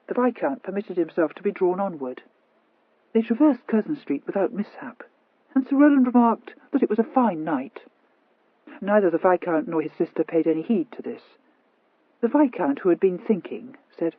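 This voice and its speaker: A woman narrating an audiobook in an even, measured storytelling voice. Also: lowish voice, slightly rough, no room sound, phone-quality sound. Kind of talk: scripted narration.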